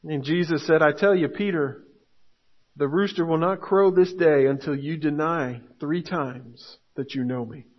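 A man's voice: a little high, unhurried, highs cut off. A man preaching a sermon as pastor, earnest and building to emphatic urgency.

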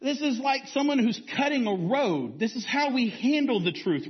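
A man preaching a sermon as a youth pastor, telling stories and dropping his voice low and hushed at key points. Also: expressive, normal speed, breathy edge, lo-fi sound. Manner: storytelling preacher, varies volume from strong to hushed.

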